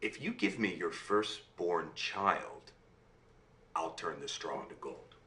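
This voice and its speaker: A man doing a hushed, sly little imp. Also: low-pitched, takes it slowly, voice pushed down, exaggerated voice. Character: sly little male imp bargaining for a baby. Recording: roomy room sound.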